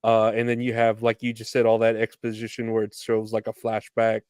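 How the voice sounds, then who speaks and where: A man's voice: fairly low pitch, completely flat delivery, a little fast, a little mellow, smooth, no echo, clean studio sound. A man co-hosting a podcast, talking loosely about a movie and laughing often. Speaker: podcast co-host. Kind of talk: casual movie chat.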